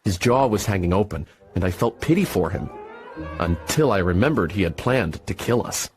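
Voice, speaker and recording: A man narrating an adventure story in a measured, steady storytelling manner. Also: sits low. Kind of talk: scripted audiobook narration. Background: soft music.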